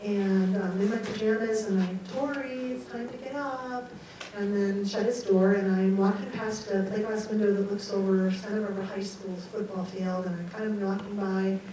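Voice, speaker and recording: An older woman giving a talk, telling a personal story in an animated way, acting out what she thought and laughing along. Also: mid-range voice. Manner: animated, acts out her own quoted thoughts and laughs. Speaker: guest speaker. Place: meeting room at a talk. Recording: very echoey hall, mic far off, faint hiss.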